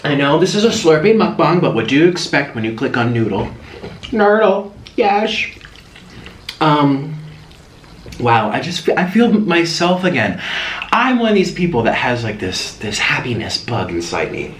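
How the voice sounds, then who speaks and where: A young man chatting casually while eating, in a food vlog, excitable and chatty between slurps. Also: fairly high pitch, moderate pace. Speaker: food vlogger. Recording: echoey room with faint hiss.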